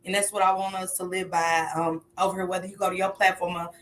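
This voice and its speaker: A woman's voice: on the low side, little pitch movement, quick pace, a bit bright, a little hiss or hum. A woman hosting a casual livestream, talking straight to her chat in a loose, joking and profane way. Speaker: livestream host.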